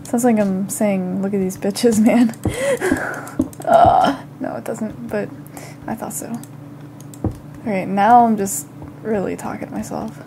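A woman's voice: medium pitch, expressive, slow, long pauses, noisy background. A young woman doing casual gameplay commentary while slightly sick, chatting to herself and bursting into panicked outcries. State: slightly sick, occasional cough. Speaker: gaming channel host.

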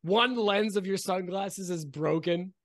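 A man runs a tabletop game as its dungeon master, narrating in a loose, halting way full of fillers. His voice sits a little high for a man. The recording is dry and close. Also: dry recording.

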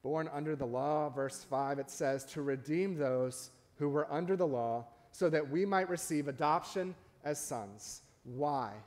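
Male pastor, slightly high voice, conversational sermon with frequent asides to the congregation. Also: measured pace, hardly any pauses, a little mellow. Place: church sanctuary.

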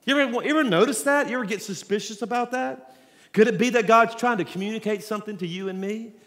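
High-voiced preacher in a church hall. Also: male voice, fast, a bit bright. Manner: conversational storytelling preacher, jokes with congregation. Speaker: pastor. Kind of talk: sermon. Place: large church auditorium.

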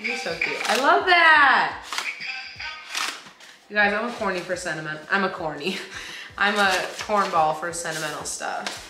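A woman vlogger chatting to the camera as she opens birthday gifts, gushing, excitable and quick to laugh. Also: fairly low pitch, over music. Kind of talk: casual chat to camera. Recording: roomy echoey room.

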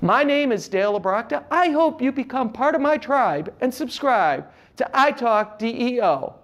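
A man's voice: extremely high pitch, normal speed. A man teaching public speaking tips to camera, with an emphatic delivery and demonstrating gestures as he talks. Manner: animated, emphatic delivery with shifting inflection. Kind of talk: instructional talk to camera.

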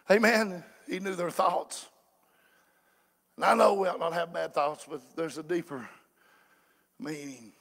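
Man, pastor, high bright voice, echoing church hall. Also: vocal fry. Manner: folksy preaching, swinging from quiet asides to shouted fervor. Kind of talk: sermon. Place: church sanctuary.

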